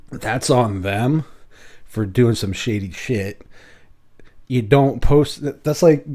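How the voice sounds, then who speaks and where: Blunt low-voiced man reacting. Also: darkish tone. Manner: blunt, swearing, restarts mid-sentence. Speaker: channel host reacting to a video. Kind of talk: casual reaction commentary.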